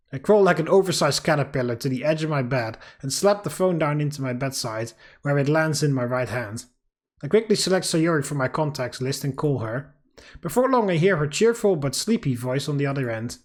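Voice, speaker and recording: A man hosting a game playthrough, reading the story aloud in a steady, dramatic way with casual asides. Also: on the high side. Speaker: let's play host. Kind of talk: reading a visual novel aloud.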